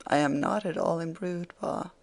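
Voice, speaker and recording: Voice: mid-range voice, normal speed, gravelly, lightly acted. An audiobook reader voicing a spirited, teasing young woman who scolds her father playfully.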